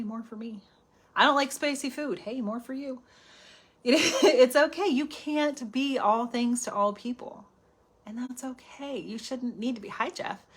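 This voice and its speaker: Woman host, casual live self-help talk, expressive, slips into whispered asides. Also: a little high, slightly rough. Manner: animated, chatty, often drops to a whisper for asides. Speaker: healing coach hosting a live stream.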